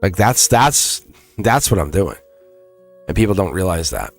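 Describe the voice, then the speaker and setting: A man's voice: low voice, big pitch swings, a little slow, soft background music. A man with a Boston accent giving a casual, rambling livestream tarot reading, restarting phrases and chuckling. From England.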